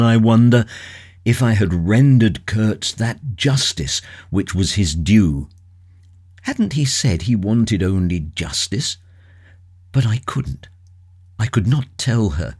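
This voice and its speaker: A man reads a classic novel aloud in a grave, measured way, his fairly low voice taking it slow and unhurried. His pitch rises and falls widely, giving the narration a dramatic lift. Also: darkish tone. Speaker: audiobook narrator.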